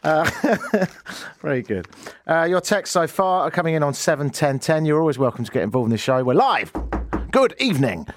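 A man's voice: a little high, big pitch swings, normal speed, no room sound, clean studio sound. A man hosting a live radio show, chatting casually in a jokey, teasing way and laughing often. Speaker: radio host. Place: radio studio. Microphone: studio microphone.

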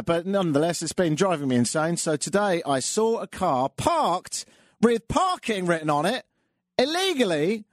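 A man's voice: fairly high pitch, no room sound. A man hosting a call-in radio show, telling stories and jokes in a dry, self-mocking way. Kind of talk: casual monologue with jokes.

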